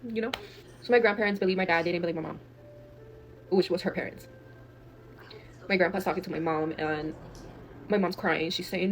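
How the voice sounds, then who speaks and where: A woman's voice: on the low side, brisk, long pauses, faint music behind. A young woman from Texas telling a wild family story in casual, profane speech, acting out quotes. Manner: profane, animated, acts out quotes. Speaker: guest storyteller.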